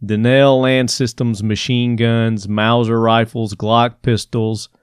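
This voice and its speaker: A man hosts a podcast and works through news items with a mocking, exasperated edge, often laughing at what he reads. His voice is smooth and resonant at an average pitch. The sound is close and dry, with no room around it. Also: little pitch movement, slow, no echo. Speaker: podcast host. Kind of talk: casual commentary reading news.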